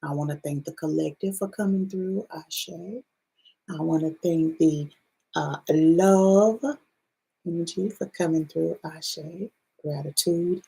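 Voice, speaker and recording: A woman's voice: low-pitched, steady tone, takes it slowly, gravelly, warm tone, slightly rough, poor audio. A woman giving a casual spiritual card reading to her viewers in a loose, salty, chatty way.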